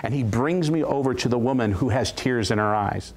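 Man, guest preacher, dramatic storytelling, quoting voices, medium pitch. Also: brisk. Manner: animated, dramatic retelling with quoted voices. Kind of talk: storytelling testimony.

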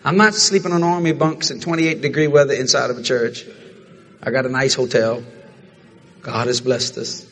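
A man preaching a sermon, telling a story in animated fashion and acting out the other people's lines. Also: mid-range voice, normal speed, slight background noise.

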